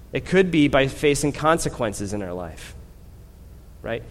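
This male preacher's voice sits on the low side as he talks through his sermon conversationally, punctuating points with "right?" Emphasis comes as he slows and grows louder, and a long hall echo trails his words.

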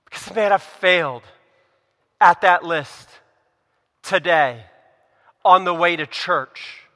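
A male pastor delivers an earnest sermon in a church sanctuary. His voice is a bit high for a man and bright, with a forceful edge. Long reverb trails each line as he moves from loud emphasis to hushed, low statements. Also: unhurried.

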